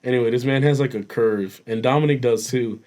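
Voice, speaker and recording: A young man co-hosting a podcast, telling a story in casual chat, animated and profane, laughing as he goes. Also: medium pitch, fairly quick. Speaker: podcast co-host.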